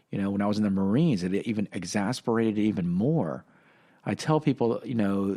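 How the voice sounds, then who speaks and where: A middle-aged man hosting a podcast, telling a personal story in a halting, reflective way with many fillers and restarts. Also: on the low side, dark tone. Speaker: podcast host.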